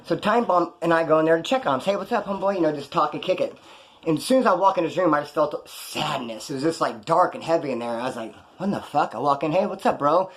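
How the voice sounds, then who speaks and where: A man spins rough, rambling stories at a rapid clip, peppered with profanity. His voice sits a little high, and his tone stays wry and offhand. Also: a bit bright. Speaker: vlogger recounting jail stories. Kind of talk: casual storytelling.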